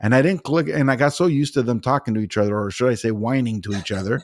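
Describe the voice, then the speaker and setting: A middle-aged man hosts a podcast and rambles through an anecdote, stumbling over restarts and laughing as he goes. His voice sits at an ordinary pitch. The sound is close and dry, with no room behind it. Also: fast talker, dry recording. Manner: rambling, animated storyteller with frequent restarts and laughs. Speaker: podcast host. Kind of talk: casual storytelling interview.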